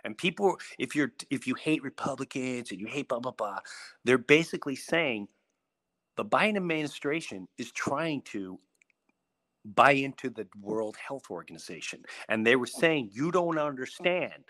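A man hosting a podcast in casual chat, excitable and rambling, laughing often. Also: medium pitch, normal speed, no echo. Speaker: podcast host.

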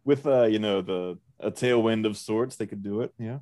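Low-voiced wry man on a podcast. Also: moderate pace, warm tone, dry recording, clean studio sound. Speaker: podcast co-host. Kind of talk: casual chat.

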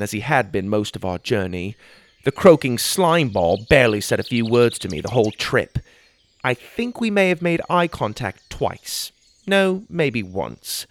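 A man narrating a story in the first person, reading in an expressive, animated way. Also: fairly low pitch.

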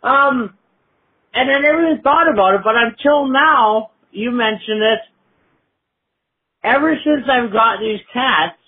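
A man's voice: very high-pitched, unhurried, pauses often, slightly rough. A man calling in to a show by voicemail, rambling and self-mocking, and getting worked up as he talks. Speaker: caller. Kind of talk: voicemail call-in. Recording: tinny phone line.

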